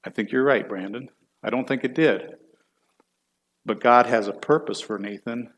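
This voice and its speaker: A man's voice: medium pitch, normal speed. Folksy man teaching a church class. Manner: folksy, chatty, asks the class questions. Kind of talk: casual Bible class teaching.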